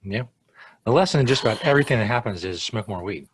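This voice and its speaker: A man's voice: on the low side, expressive, fast talker, background noise. A man co-hosting a casual podcast, joking in a dry, laid-back way. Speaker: co-host.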